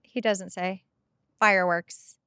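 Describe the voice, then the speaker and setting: Speaking slowly in a smooth, mid-range voice with fairly even intonation and a fairly bright tone, a middle-aged podcast host reacts emotionally to a show episode during a casual rewatch. She uses a headset mic; the audio is studio quality with no room sound.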